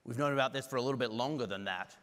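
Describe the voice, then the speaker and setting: Brisk joking Australian man. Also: medium pitch, a bit bright. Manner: brisk, self-deprecating and joking. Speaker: keynote speaker. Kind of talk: conference keynote talk.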